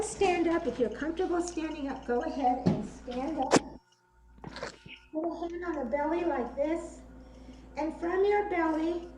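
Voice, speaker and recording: A woman instructor leading an online self-defense workshop, encouraging and giving clear commands. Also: very high voice, echoey room, background noise. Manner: encouraging, gives clear commands, laughs easily. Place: indoor room. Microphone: video call.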